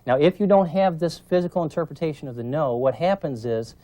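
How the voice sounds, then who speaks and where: A man's voice: on the high side, lively intonation, a little fast, mellow, dry recording. A man demonstrating puppy training, explaining patiently and checking in with his student as he coaches. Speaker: dog trainer. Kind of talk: instructional demonstration.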